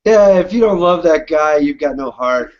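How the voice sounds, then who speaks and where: A man's voice: on the high side, lively intonation, normal speed, darkish tone. A man in a casual group video chat, speaking in a wry, joking and enthusiastic way. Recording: dull lo-fi video-call audio.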